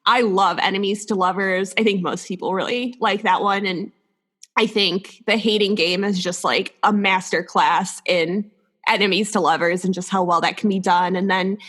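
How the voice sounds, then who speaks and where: A woman's voice: mid-range voice, fairly even intonation, normal speed, a bit bright. A woman guest on a book podcast, talking casually and enthusiastically with frequent laughs. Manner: enthusiastic, laughs often, many fillers. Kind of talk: casual chat.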